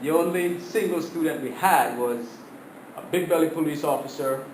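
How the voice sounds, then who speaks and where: A man giving a prepared humorous speech to his class, telling stories in an animated way and laughing at his own jokes, heard from across a classroom. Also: fairly high pitch, moderate pace, roomy sound, distant mic, a little hiss or hum, low-quality recording.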